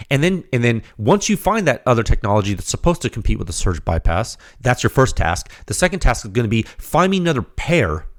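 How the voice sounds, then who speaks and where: A man hosting a podcast, slightly hoarse and losing his voice, giving an emphatic, rhetorical unscripted technical monologue straight to his audience. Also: lowish voice. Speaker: podcast host, firearms silencer researcher.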